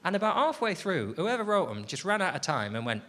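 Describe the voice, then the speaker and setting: Male stand-up, self-deprecating grumbler, higher voice with a lively swinging delivery, live stage sound with noise behind. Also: a little fast. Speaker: stand-up comedian. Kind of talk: stand-up comedy routine. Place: comedy club stage with audience. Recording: live stage recording with audible background noise.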